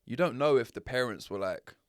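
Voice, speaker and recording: A young man co-hosting a podcast, chatting in an animated, jokey way. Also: medium pitch, a little fast, no room sound, studio quality. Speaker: podcast co-host. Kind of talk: casual chat.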